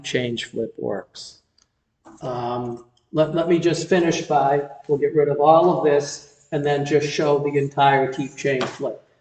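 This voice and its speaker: A man gives a recorded math lesson indoors, in a slightly raised voice. He explains each step patiently and encourages his students as he goes. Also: on the high side. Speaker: sixth-grade math teacher. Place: indoor room with automatic lights.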